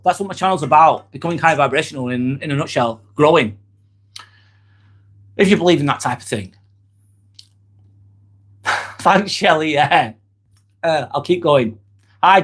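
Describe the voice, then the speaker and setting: Male host in his 40s, slightly high-pitched, blunt and sweary, casual live-stream chat. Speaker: livestream host.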